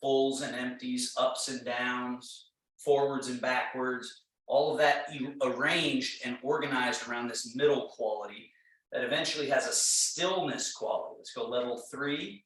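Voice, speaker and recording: A man teaching a tai chi class, giving calm, repetitive movement cues. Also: mid-range voice. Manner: calm, slow, repetitive cueing. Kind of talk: guided exercise class instruction. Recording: very echoey room, mic far off.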